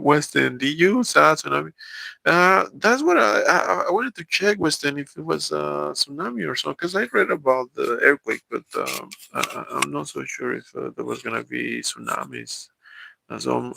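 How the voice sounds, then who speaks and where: A man with a Mexican accent whose first language is Spanish, chatting casually on a live stream. His voice is deeply gravelly and bright, with a lot of fry. He talks in a halting way, full of fillers and restarts, in a dry room with no echo. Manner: halting, many fillers and restarts, chuckles often. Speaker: livestream host. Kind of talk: casual live-stream chat reading viewer comments.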